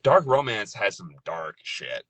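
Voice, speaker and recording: A young adult man, a guest voice actor, chatting casually on a podcast, jokey and animated, often repeating words as he starts a thought. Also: on the low side, unhurried.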